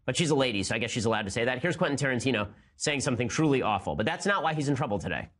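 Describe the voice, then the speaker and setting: A man in his thirties hosting a political commentary show, talking fast with sarcasm and disbelief. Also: medium pitch, animated, fairly bright tone. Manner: rapid, incredulous, sarcastic. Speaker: host.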